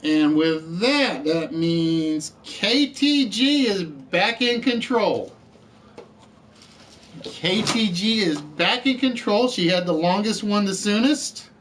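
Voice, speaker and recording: A man's voice: high-pitched, expressive, slow, fairly bright tone. Chatty man hosting a live word game. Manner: chatty, reads out letters and scores, jokes with players. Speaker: game show host.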